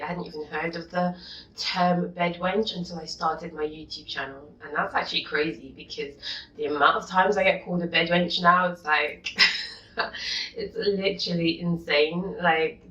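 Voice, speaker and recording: Young female vlogger, deep-pitched, indignant rant, dull roomy recording, distant mic. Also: steady tone, normal speed. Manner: exasperated, indignant, swings from low mutter to loud outburst. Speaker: YouTuber. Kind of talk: vlog rant reading comments.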